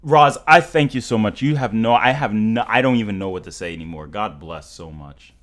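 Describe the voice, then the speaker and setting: A young man hosting a live stream, excitable and stammering, swinging between shouts and mumbles. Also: lowish voice, fairly quick. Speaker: livestream host. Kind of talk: casual live stream chat.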